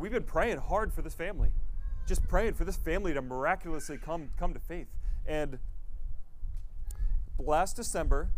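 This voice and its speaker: A man giving a sermon in an earnest, animated way, telling personal stories as a missionary speaker and acting out what people said. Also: fairly high pitch, a little hiss or hum. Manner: earnest, animated, acts out quoted speech. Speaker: missionary guest speaker at a church.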